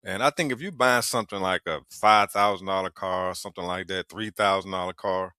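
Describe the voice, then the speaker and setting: A man's voice: low-pitched, fairly even intonation, a little fast, sharp tone, clear, resonant tone, no echo, clean studio sound. A man hosting, reacting to clips in a casual way with short exclamations and warnings to his viewers.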